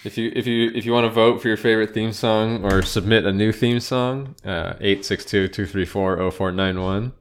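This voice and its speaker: A man's voice: lowish voice, steady tone, normal speed, few pauses, clear, resonant tone. A man co-hosting a podcast in casual chat, dry and offhand in manner. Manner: dry, offhand, reads aloud in a mock announcer voice. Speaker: podcast co-host.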